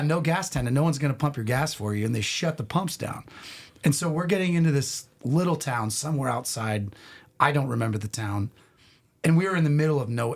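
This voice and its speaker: A middle-aged man, a podcast guest, telling casual stories in an animated, rambling way full of restarts. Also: mid-range voice. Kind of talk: casual storytelling.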